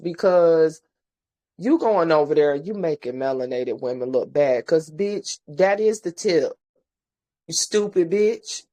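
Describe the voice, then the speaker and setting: Woman host going off on a rant, cussing a lot, kinda low voice. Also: expressive, takes it slowly, mellow, soft background music. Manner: blunt, profane, exasperated ranting. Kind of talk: casual ranting commentary.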